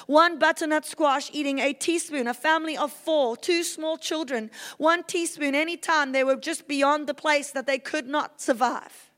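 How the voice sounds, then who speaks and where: A woman delivers a sermon in a high, bright-toned voice. She preaches with fervent intensity, pushing hard on big declarations and pulling back to a hushed, confessional tone. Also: normal speed, hardly any pauses. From South Africa. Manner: intense, fervent preaching that swings between loud and quiet.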